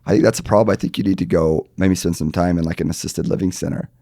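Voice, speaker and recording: A man in his thirties who is sick, talking in a very low, dark voice. He chats casually and dryly with a deadpan, trolling edge, tagging lines with "right?". The sound is close and dry. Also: fast talker, dry recording. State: sick, voice gone deep. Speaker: podcast co-host. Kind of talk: casual chat.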